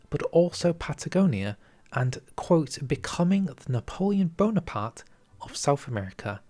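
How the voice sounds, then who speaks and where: A man giving game preview commentary as a video creator, excitable, with chuckling asides and hushed, conspiratorial remarks. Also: mid-range voice, normal speed.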